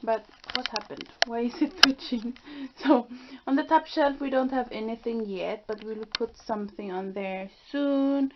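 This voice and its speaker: A woman's voice: fairly high pitch, moderate pace, few pauses, heavy background noise. A woman in her twenties gives a casual tour of her home on video, laughing easily and searching for words. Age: 20s. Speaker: daughter co-hosting vlog. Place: home room. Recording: dull lo-fi home video sound.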